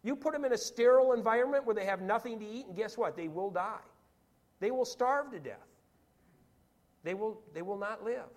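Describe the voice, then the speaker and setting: A man's voice: high voice, normal speed. A man preaching a sermon to a congregation in a church, emphatic and repeating his phrases, often asking his listeners questions.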